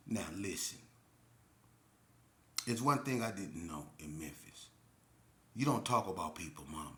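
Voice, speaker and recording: Bright-voiced man from Las Vegas telling a story. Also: sits low, lively intonation, a little slow, long pauses, roomy sound. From Las Vegas, Nevada. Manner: loose, repeats "you know what I'm saying". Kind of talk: casual storytelling.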